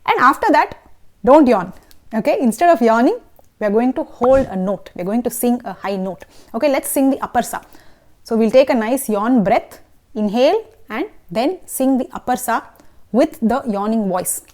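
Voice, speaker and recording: Bright-voiced Indian woman voice teacher. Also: a little high, animated, normal speed. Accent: Indian English. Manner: instructive, checks in with listeners often. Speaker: vocal teacher. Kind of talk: online singing lesson.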